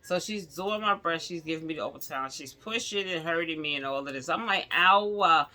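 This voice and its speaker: A middle-aged woman tells her own story straight to her viewers in a vlog. Her voice is very bright and cutting, and she tells it animatedly, acting out what the other people said. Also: low voice, brisk. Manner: acts out the others' lines in the story. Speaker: vlogger. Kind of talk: personal storytelling to camera.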